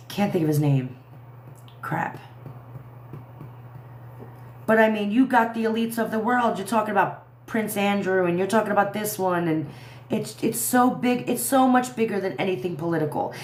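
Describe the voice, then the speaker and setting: A woman's voice: mid-range voice, echoey room, slight background noise. A woman in her thirties hosting a casual livestream, talking to her viewers in an indignant, rambling way. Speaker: livestream commentary host.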